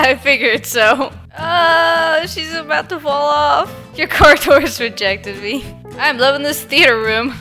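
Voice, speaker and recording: Young woman gaming youtuber, high bright voice, giggles a lot, slow easy talk, faint game music behind. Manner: giggly, chatty, laughs often. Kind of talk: playing a game on camera, chatting with other players.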